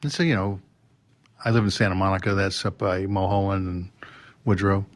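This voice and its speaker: A man as a podcast guest, telling a story with lively restarts and acting out voices and sounds. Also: deep voice, normal speed. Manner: animated, acts out quotes and sounds, many restarts. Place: drum showroom.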